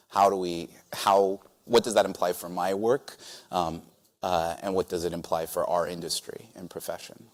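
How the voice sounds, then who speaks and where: A man answering on a conference panel, hesitant, thinking aloud with many ums. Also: sits low.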